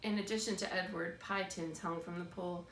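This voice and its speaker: A woman's voice: on the low side, fairly quick. Woman reading a storybook aloud, roomy sound. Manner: steady, expressive read-aloud. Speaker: storybook reader. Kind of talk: scripted narration. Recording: roomy, distant mic, faint background noise.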